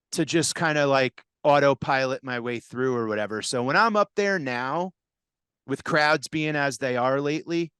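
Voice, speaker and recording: Animated New comedian host. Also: male voice, on the high side, clean tone, no echo, clean studio sound. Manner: animated storyteller, acts out voices. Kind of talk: casual chat.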